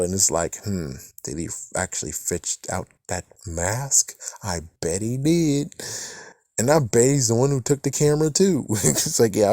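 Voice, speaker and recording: A man's voice: medium pitch, warm tone, no room sound, studio quality. A man giving a casual, rambling recap of a TV episode, swearing casually and chuckling often. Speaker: TV episode reviewer.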